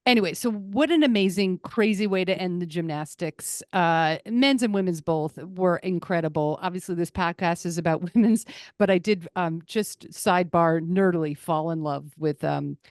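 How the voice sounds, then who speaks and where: A woman's voice: fairly low pitch, normal speed, no room sound, studio quality. A woman hosting a podcast, gushing and rambling through casual sports talk. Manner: excitable, gushing, rambling storyteller. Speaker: podcast host.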